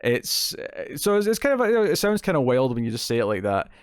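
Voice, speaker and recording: A man's voice: mid-range voice, sing-song, fairly quick, smooth, no echo, clean studio sound. A man hosting a casual spoken movie review show, enthusiastic and rambling, with many fillers and restarts. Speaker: film reviewer, show host.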